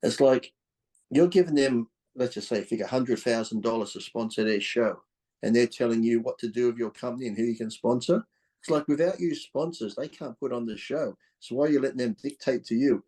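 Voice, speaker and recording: A man's voice: medium pitch, fairly quick, mellow. A middle-aged Australian man telling stories as a podcast guest, in a blunt, fired-up way with swearing and laughs between points. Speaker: podcast guest, former pro bodybuilder. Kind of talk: candid storytelling in conversation.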